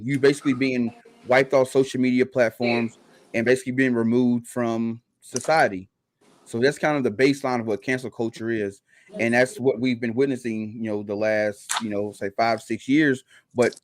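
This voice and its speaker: A man co-hosting a podcast in a mid-pitched voice. He explains things steadily and plainly, pausing on an occasional "um". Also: a little hiss or hum. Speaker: podcast co-host. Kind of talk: casual explaining.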